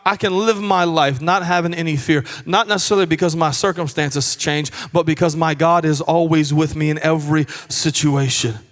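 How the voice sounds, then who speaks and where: A male pastor preaching a sermon in a conversational style, moving between hushed and raised delivery. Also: a little high, in a large hall. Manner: conversational asides and restarts.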